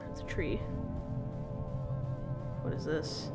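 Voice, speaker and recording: A woman's voice: fairly low pitch, unhurried, pauses often. Woman chatting casually while gaming. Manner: rambling, mutters to herself, casual swearing. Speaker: streamer. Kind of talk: casual live gameplay chatter. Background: game music.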